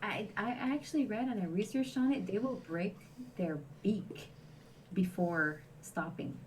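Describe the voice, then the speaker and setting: A Quebecois woman with a mid-range, slightly mellow voice chats unhurriedly as a co-host guest on a casual livestream. She laughs easily and reads viewer comments, picked up by a distant mic with faint background noise.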